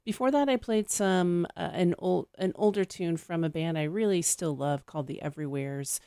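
A woman's voice: fairly low pitch, moderate pace, dark tone, clear, resonant tone, no room sound, studio quality. A woman hosting a casual radio music show, chatting between tracks with fillers and self-corrections.

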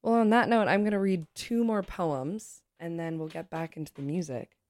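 A woman's voice: on the low side, normal speed. A woman hosting a show, reading a story and poems aloud expressively and chatting between pieces. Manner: expressive storyteller, laughs easily. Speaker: host reading stories and poems. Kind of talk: reading aloud and casual chat.

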